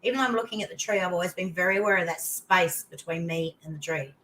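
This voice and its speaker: Animated older Australian woman telling a story. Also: lowish voice, fast talker, a little hiss or hum, rough recording. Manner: animated storytelling, voice leaping into exclamations. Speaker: guest. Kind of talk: casual interview chat.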